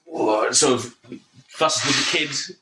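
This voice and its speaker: A man with a Welsh accent, casually telling a story to friends, animated, laughing and swearing. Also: medium pitch, a little fast, reverberant, a little hiss or hum, rough recording. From Wales. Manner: animated, swearing, laughing, mimics other voices.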